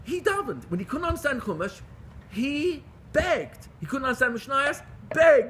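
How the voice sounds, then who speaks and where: A man teaching a Torah class to a group. He questions his listeners and swings between loud pleading and hushed intimacy. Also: extremely high pitch, big pitch swings, moderate pace, a little hiss or hum. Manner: questions the audience. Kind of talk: Torah lecture to a live group.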